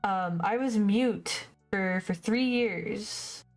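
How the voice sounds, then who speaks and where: A young woman paints while livestreaming, chatting casually in a rambling way and frequently tripping over her words. Her voice is medium-pitched and extremely slow, with faint music in the background.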